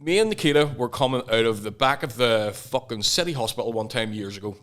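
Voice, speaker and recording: A man's voice: mid-range voice, expressive, fast, fairly bright tone. A young man co-hosting a podcast, telling stories with plenty of swearing. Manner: swearing storyteller, laughs easily. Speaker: podcast co-host. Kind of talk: casual podcast chat.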